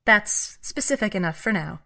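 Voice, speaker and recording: An inhuman customs officer in an audio drama, steady and unhurried, with a mid-pitched female voice. Her calm delivery carries a quiet, cold menace. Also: gravelly.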